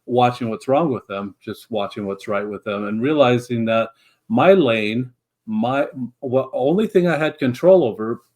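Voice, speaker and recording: A man's voice: medium pitch, darkish tone. A middle-aged man, a guest in an interview, telling his story in an earnest, reflective way with frequent restarts. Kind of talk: conversational storytelling.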